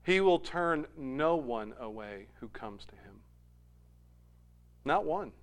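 A man's voice: fairly high pitch, lively intonation, slow pace. A middle-aged man preaching a sermon, telling a family story and rising to emphatic peaks. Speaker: pastor.

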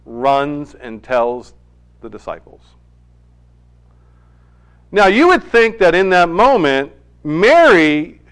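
A man's voice: a little high, a bit bright, smooth. A man preaching a sermon in a conversational, emphatic way, with joking asides. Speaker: pastor.

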